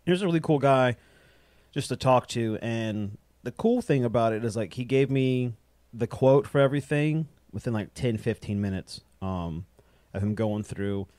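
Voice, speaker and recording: A man's voice: medium pitch, moderate pace, darkish tone, no room sound. Guy rambling thru a story, mid voice, lots of ums, dry close mic. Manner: rambling storyteller, acts out quoted dialogue. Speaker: drummer and guest. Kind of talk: casual chat.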